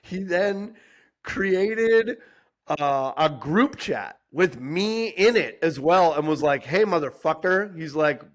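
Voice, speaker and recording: A man with a slightly high voice tells a long story on a casual podcast. He rambles and restarts, getting heated as he goes. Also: lively intonation, slow. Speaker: podcast co-host.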